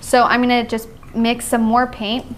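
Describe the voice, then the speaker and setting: Woman art instructor, patient and cheerful, slightly high voice, live stream with faint hiss. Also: completely flat delivery, moderate pace. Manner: cheerful, explains steps patiently, laughs often. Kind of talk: live painting tutorial.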